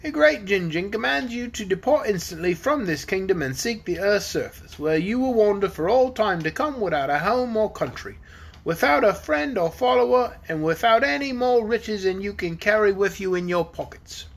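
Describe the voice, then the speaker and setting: A man voicing a stern, crafty dragon messenger in a storybook, speaking slowly and gruffly. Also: high voice, expressive, voice pushed up, full character voice.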